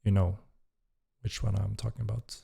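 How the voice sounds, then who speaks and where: A man with a fairly low, gravelly and slightly rough voice hosts a casual live-stream Q&A as a game developer at a moderate pace. He reads chat questions aloud, sounding relaxed and hesitant, with casual swearing.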